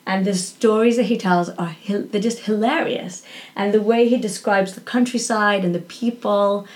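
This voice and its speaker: A woman's voice: mid-range voice, fairly even intonation, normal speed. Guest: woman from Yorkshire, chatty, loose and meandering, fond of fillers. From Yorkshire, England. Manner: chatty, many fillers and restarts. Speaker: podcast guest. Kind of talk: casual interview chat.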